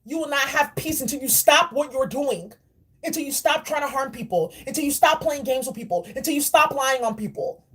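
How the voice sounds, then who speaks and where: A woman's voice: high voice, fairly quick, a bit bright. A woman giving a spiritual oracle card reading in a blunt, preachy and profane way. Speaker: spiritual reader.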